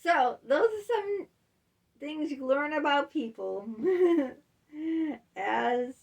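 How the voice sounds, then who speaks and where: A woman tells a candid personal story straight to camera in a casual vlog. Her voice is gravelly with plenty of vocal fry and sits at a middle pitch. She is chatty and laughs between lines. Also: darkish tone, far from the mic, dull audio. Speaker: author and vlogger.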